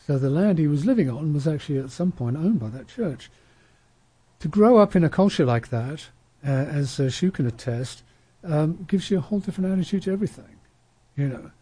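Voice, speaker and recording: A man with a very dark, mellow and husky voice talks slowly and thoughtfully in a casual discussion. He pauses and restarts sentences as he reflects. The sound is dry and close. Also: on the high side, no room sound. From outside the US.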